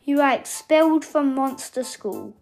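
A woman voicing a stern ogre headmaster in a storybook reading, loud and severe. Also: sits high, animated, unhurried, gravelly, faint music behind, exaggerated voice.

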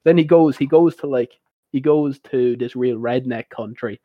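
A man's voice: mid-range voice, normal speed, no room sound. Irish young man telling a story. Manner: animated storyteller, laughs often. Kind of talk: casual chat. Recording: dull dry recording.

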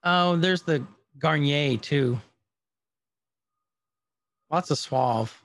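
A man's voice: on the high side, extremely slow, vocal fry, fairly bright tone, no room sound. A man casually recapping a TV episode on a podcast, retelling scenes and quoting the characters as he goes. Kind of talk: casual chat.

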